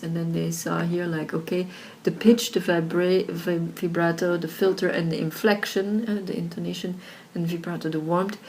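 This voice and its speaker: Woman presenter, slightly low voice, relaxed and filler-heavy, built-in laptop mic with light background noise. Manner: chatty, many fillers like "like" and "you know". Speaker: software tutorial presenter. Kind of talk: casual screen-recorded tutorial. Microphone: built-in laptop microphone.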